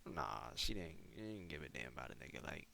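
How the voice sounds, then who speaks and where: A man's voice: very deep voice, sing-song, normal speed, gravelly, sharp tone, a little hiss or hum. A young man telling a casual storytime to his viewers in a slangy, laid-back way, saying "bro" again and again. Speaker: gaming storyteller.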